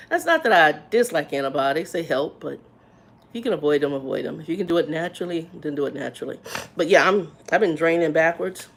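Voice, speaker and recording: A woman's voice: sits low, vocal fry. A woman hosting a casual livestream, talking in a rambling way to her viewers with "y'all" slang, a little congested from sinus drainage. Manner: talkative, rambling, greets viewers warmly by name; Southern-style slang, "y'all". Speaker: livestream host.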